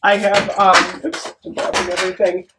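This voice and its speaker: A middle-aged woman from the United States, excitably unboxing gifts in a casual vlog, often gasping and giggling. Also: medium pitch, normal speed, heavy background noise. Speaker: vlogger.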